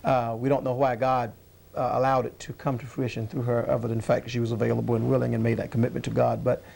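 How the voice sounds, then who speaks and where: A man, a bishop, answering interview questions in a measured, thoughtful way with frequent hesitations. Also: mid-range voice, little pitch movement, creaky, darkish tone.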